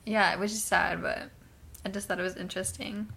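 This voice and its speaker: A woman's voice: mid-range voice, fairly even intonation, normal speed, vocal fry, bright, forceful tone, husky. A young woman co-hosting a podcast in casual chat, laughing easily and leaning on "like". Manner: laughs easily, frequent "like" fillers. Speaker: podcast co-host.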